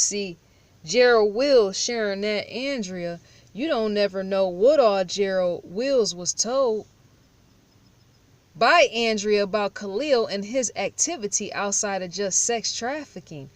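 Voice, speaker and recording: A woman's voice: medium pitch, expressive, unhurried. A woman giving firm, blunt true-crime vlog commentary, full of rhetorical questions and repetition. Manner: rhetorical questions, repeats herself.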